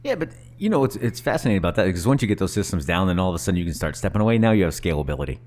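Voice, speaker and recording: A low-voiced man talks at a rapid clip on a casual podcast. He tells anecdotes and pokes fun at his own past mistakes. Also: sing-song, darkish tone. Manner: rapid, storytelling, self-deprecating. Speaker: podcast co-host, hospitality teacher.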